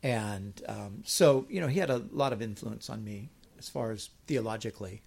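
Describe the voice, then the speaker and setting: A middle-aged man preaching a sermon, reading scripture slowly and emphatically, then explaining it in a chatty way. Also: on the low side, vocal fry, darkish tone, husky.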